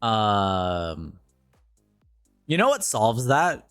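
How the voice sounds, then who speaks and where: A man's voice: lowish voice, sing-song, drawn-out words, a bit bright, clear, resonant tone, no echo, faint music behind. A young man streaming and commenting casually, ranting in a blunt, profane way.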